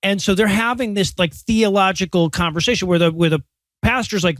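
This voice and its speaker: A man's voice: sits high, fairly quick, fairly bright tone, dry recording. A man co-hosting a podcast, sarcastically retelling a bad movie and laughing often. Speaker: podcast co-host. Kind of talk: casual comedic movie review.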